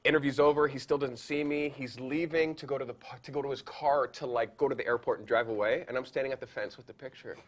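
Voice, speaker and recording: Animated storytelling man, mid pitch. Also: quick pace, few pauses. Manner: acts out quoted voices, jumps high in pitch, laughs often, many filler likes. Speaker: photographer guest. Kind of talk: animated storytelling in a podcast interview. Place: podcast studio.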